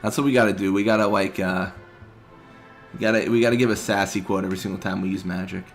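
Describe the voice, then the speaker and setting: A man streaming a video game, chatting casually in a relaxed, rambling way with lots of filler words. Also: low voice, quick pace, soft background music. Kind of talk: casual live-stream chat.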